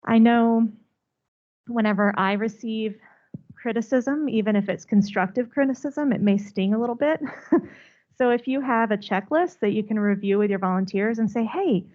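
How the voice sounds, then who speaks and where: A woman's voice: fairly high pitch, normal speed, darkish tone, lo-fi sound. A woman giving a conference presentation into a handheld mic, friendly and chatty, out of breath. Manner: friendly, chatty, laughs often. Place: conference room.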